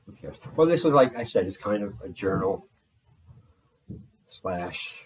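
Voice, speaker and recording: A man talking in a rambling video journal, holding back a restless energy and slowing himself down on purpose. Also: lowish voice, animated, distant mic, slight background noise, low-quality recording. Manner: restless, deliberately slowed and restrained delivery; frequent fillers and restarts. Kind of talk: rambling personal journal talk. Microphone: laptop.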